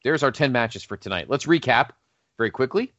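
A man co-hosting a casual podcast, counting down matches in a lively, newscaster-like delivery. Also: mid-range voice, brisk, dry recording. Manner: lively, breaks into a mock newscaster voice for recaps. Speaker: podcast co-host. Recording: dull lo-fi Skype call sound.

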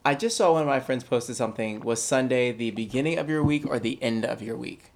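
A man's voice: mid-range voice, fairly quick. A man co-hosting a casual chat, opinionated and rambling with lots of restarts. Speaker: podcast co-host.

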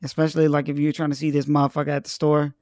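A man's voice: a little high, completely flat delivery, very fast, a little mellow. A man being interviewed, answering in a playful, candid and cheerfully profane way. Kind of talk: casual street interview.

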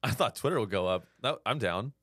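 A man's voice: on the low side, expressive, fairly quick, fairly bright tone, breathy edge, no room sound, clean studio sound. A man co-hosting a podcast in casual chat, full of crude, teasing banter. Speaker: podcast co-host.

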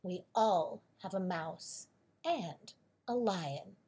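A woman reading a rhyming children's picture book aloud with an expressive, sing-song delivery. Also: on the low side, drawn-out words, husky. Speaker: storyteller. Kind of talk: children's storybook read-aloud.

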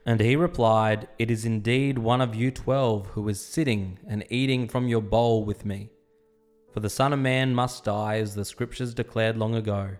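A man giving a dramatized scripture reading, slowing and softening for quoted speech. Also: on the low side, steady tone. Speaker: scripture reader. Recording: soft instrumental music underneath. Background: faint instrumental music.

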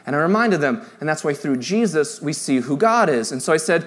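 A man with a notably high voice delivers a sermon to a church congregation. His preaching is conversational and personal. For the tender lines he sinks into a soft, hushed delivery. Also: expressive, fast, hardly any pauses. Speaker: pastor.

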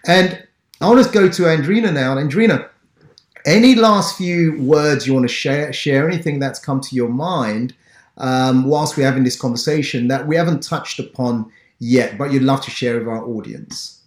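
A man's voice: medium pitch, moderate pace, echoey room. A man from Ghana hosting an interview podcast, talking in an earnest, encouraging way. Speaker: podcast host.

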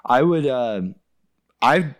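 A young American man co-hosting a podcast, rambling and joking his way through a loose chat at a middling pitch. He sounds close and dry, with no room around his voice at all. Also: slow, dry recording. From United States. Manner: joking, rambling, laughs often. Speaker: podcast co-host. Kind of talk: casual chat.

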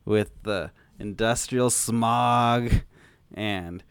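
A man's voice: fairly low pitch, fairly even intonation, very slow, fairly bright tone, smooth, no room sound. A man co-hosting a podcast in casual, jokey chat, often trailing off mid-thought. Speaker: podcast co-host.

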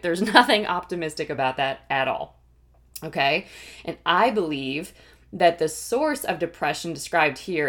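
A woman's voice: deep voice, fairly bright tone. A woman giving a faith-based teaching talk, earnestly explaining and checking in with her listeners with a frequent "okay?" and "right?". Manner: earnest, explanatory, occasional restarts. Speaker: Christian teacher and life coach.

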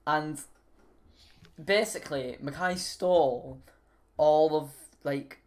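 A man's voice: fairly high pitch, slow pace. A man co-hosting a casual chat, giggling often and rambling, trailing off mid-sentence and restarting his thoughts.

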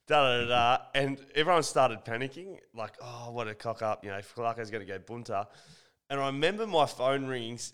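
A man's voice: mid-range voice, fairly bright tone, clear, resonant tone. An Australian man in his thirties hosting a casual interview, chatty and jokey with casual swearing. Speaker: podcast host, former footballer.

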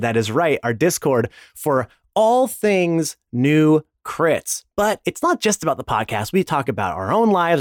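A man hosting a podcast and playing in the game, speaking in an energetic, enthusiastic way. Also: a little high, dry recording, studio quality. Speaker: podcast host and player. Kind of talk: upbeat promo read and casual play.

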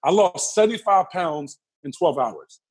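A man being interviewed, telling a personal story with lively energy and acting out the other people's lines. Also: fairly high pitch, measured pace, husky. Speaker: interview guest.

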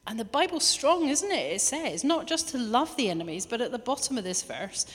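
A woman's voice: on the high side, fairly quick. Woman preaching in a reverberant hall. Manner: lively, acts out little quoted voices. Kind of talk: sermon.

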